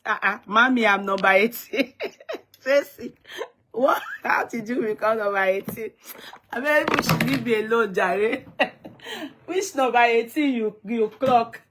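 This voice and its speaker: A fairly high-pitched, slightly bright voice belongs to a Nigerian woman hosting a casual livestream. She chats and teases, names viewers as she greets them, and changes over into Yoruba and Pidgin.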